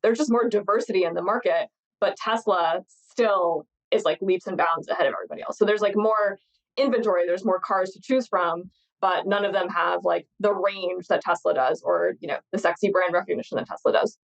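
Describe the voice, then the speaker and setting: A woman's voice: on the low side, brisk, vocal fry. A woman co-hosting a podcast in casual chat, tired from travel, rambling and laughing often. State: tired, jet-lagged. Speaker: podcast co-host. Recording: slightly dull lo-fi sound.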